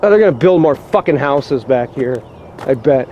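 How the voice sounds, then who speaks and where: A man's voice: mid-range voice, lively intonation, moderate pace, lo-fi sound, slight background noise. A man vlogging on a walk outdoors along a rural trail, ranting and swearing in exasperation. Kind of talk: walk-and-talk vlog rant.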